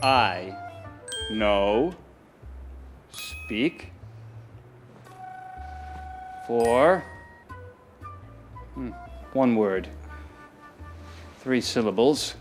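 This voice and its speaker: An actor playing a bumbling, easily confused police detective in a sitcom, over the top. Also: male voice, mid-range voice, extremely slow, long pauses, soft background music. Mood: guessing charades. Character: bumbling London police detective, middle-aged man. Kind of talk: scripted sitcom acting.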